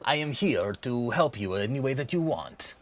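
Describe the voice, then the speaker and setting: A man voicing a smooth-talking male armor merchant who pitches his wares with salesman patter. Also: big pitch swings, moderate pace. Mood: eager salesman. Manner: salesman patter, drops to a confiding hush.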